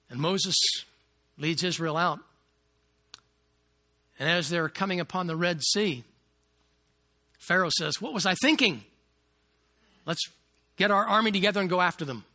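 A man delivering a sermon as lively storytelling, his voice bright, forceful and pitched a little high for a man. He acts out the characters' lines, then sinks soft and low for the solemn moments. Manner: dramatic storytelling, acting out quoted lines. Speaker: preacher. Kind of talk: sermon retelling a Bible story.

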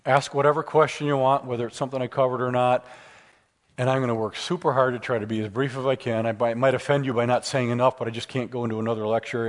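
A man giving a public lecture with Q and A, conversational and emphatic, moving into stories. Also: medium pitch. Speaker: guest speaker.

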